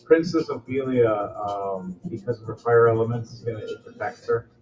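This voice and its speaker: A man narrating a tabletop game as game master, excitable and rambling with many fillers, on a dull lo-fi recording with faint music behind. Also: medium pitch, normal speed.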